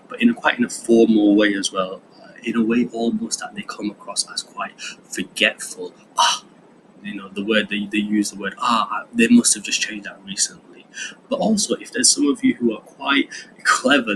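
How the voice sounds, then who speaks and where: A man's voice: fairly low pitch, a bit bright, a little hiss or hum, rough recording. A man, a drama teacher explaining a lesson in a chatty way with fillers. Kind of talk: recorded online lesson.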